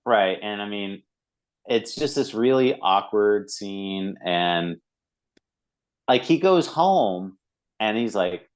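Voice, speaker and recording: A man's voice: fairly low pitch, expressive, slow, long pauses, rough recording. Rambling man on a movie podcast. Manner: rambling, many fillers, acts out quoted lines. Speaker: podcast co-host. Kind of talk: casual movie review chat.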